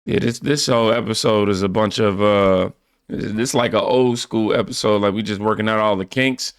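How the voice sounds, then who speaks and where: A man hosting a reaction channel, reading viewer comments in a relaxed, joking way and stumbling over words now and then. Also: on the low side, normal speed, smooth, dry recording, clean studio sound.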